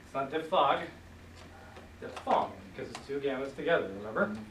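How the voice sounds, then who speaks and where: A man teaching a class, relaxed, leading students in repeating sounds. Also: mid-range voice, racing, slight background noise. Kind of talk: classroom lesson. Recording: echoey room, voice from far off.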